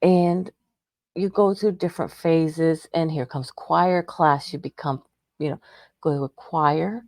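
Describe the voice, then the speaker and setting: A woman's voice: low voice, steady tone, unhurried, a little mellow, no echo, clean studio sound. A middle-aged woman from Texas telling a personal story in a rambling, emotional way, often restarting her sentences. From Texas, United States. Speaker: radio show host sharing a personal story.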